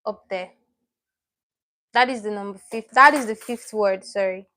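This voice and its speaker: A woman's voice: mid-range voice, a little slow, bright, forceful tone. Chatty woman teaching a live class. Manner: chatty, repeats and corrects herself; reads out viewers' names and comments. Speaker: online Korean teacher. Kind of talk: live-stream lesson.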